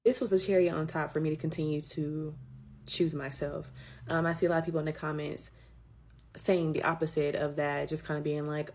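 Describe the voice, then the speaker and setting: A woman's voice: deep voice, brisk. A woman casually recounting a painful breakup, candid and swearing, her voice climbing when she stresses a point. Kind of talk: casual storytime.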